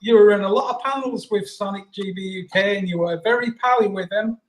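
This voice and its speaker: A man's voice: high voice, fairly quick, rough recording. A man on a livestream call needling another speaker in casual chat. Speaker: livestream guest. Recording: crowd noise behind the voice.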